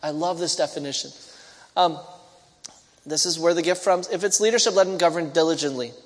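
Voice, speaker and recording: A man's voice: fairly high pitch, a little fast. A man preaching a sermon, telling stories and acting out the voices of the people in them. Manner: storytelling, acts out quoted voices. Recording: long hall reverb.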